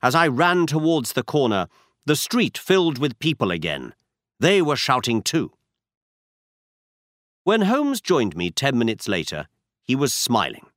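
A man narrating a story in the first person with a measured, expressive reading. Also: mid-range voice, no echo, clean studio sound. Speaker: audiobook narrator.

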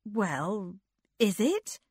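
A woman's voice: medium pitch, sing-song, drawn-out words, a little mellow, husky, no echo, studio quality, voice pushed up, exaggerated voice. A woman voicing a proud, cool young woman.

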